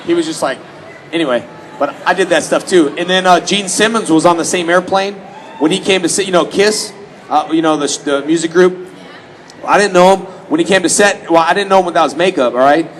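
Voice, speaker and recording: A fairly high-pitched man from Houston, Texas, talks briskly over a rough recording with a little hiss or hum. Around his late thirties, he's a convention panel guest telling joking, animated stories to fans, often slipping into mock voices for quotes.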